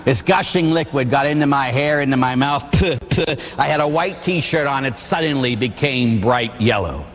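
A middle-aged man from Pittsburgh, a Catholic priest giving a humorous storytelling sermon, animated and theatrical. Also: mid-range voice, normal speed, hardly any pauses. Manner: animated, theatrical, acts out voices. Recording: long hall reverb.

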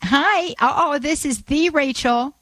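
A woman's voice: high voice, measured pace, fairly bright tone, no echo, poor audio. A woman hosting a call-in radio show, praying aloud and talking with callers in an earnest way, repeating phrases and restarting sentences. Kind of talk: spoken prayer and call-in talk.

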